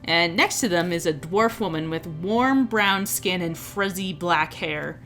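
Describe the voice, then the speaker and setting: A woman's voice: fairly low pitch, measured pace, fairly bright tone, soft background music. A woman narrating a tabletop game as game master, describing scenes with frequent restarts.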